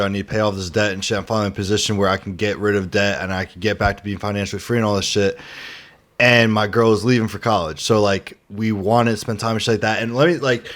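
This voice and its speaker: A man's voice: lowish voice, a bit bright. A young man co-hosting a podcast, speaking earnestly and rambling with lots of fillers and swearing. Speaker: podcast co-host. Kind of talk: casual podcast chat.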